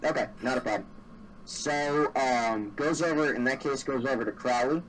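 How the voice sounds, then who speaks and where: A man running a tabletop game as dungeon master, loose and rambling, pausing to think. His mic picks him up from a distance, with faint background noise. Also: medium pitch, fairly bright tone. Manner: rambling, with many fillers.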